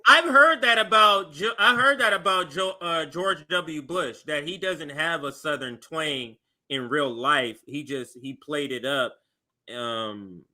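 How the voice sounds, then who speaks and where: High bright-voiced guy hosting a politics show, laughs a lot, loose chatty asides. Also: unhurried. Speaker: host. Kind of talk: casual political commentary.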